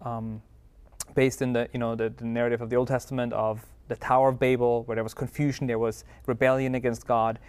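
A man explaining scripture in a casual religious discussion, halting with fillers. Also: mid-range voice, level tone, darkish tone, clean tone, dry recording.

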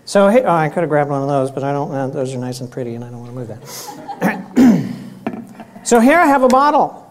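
Male preacher, sermon, animated, throat clearing, acts out voices. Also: on the high side, fairly quick, long pauses, slight background noise. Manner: animated, acts out dialogue with raised voice.

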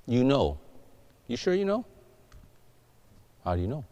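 A man's voice: medium pitch, measured pace. A man preaching a sermon, telling stories and putting questions to the congregation. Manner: animated storytelling, questions to the congregation. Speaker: pastor.

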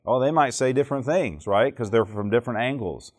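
Brisk and mid-range, the voice belongs to an Alabama man from the American South who is teaching at church before a live audience. He's a joking storyteller who keeps testing the crowd with questions.

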